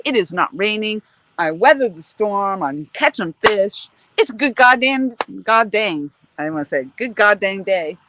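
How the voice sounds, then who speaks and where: A woman livestreams her fishing from a riverbank at dusk, rambling cheerfully in casual chat while crickets chirp behind her. She sounds out of breath, her medium-pitched voice expressive and fairly bright at a moderate pace. The audio is poor, with slight background noise.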